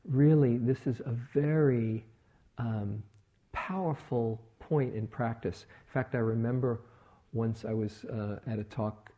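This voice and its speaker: A middle-aged man giving a relaxed dharma talk as a meditation teacher, telling stories and acting out the people in them. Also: fairly low pitch. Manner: relaxed storytelling with quoted voices. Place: retreat hall.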